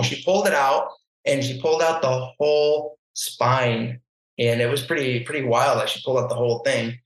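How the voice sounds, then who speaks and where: Man, podcast guest, casual storytelling, animated, roomy echo. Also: mid-range voice, normal speed. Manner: animated, acts out quoted voices, laughs often. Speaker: podcast guest, barefoot water skier.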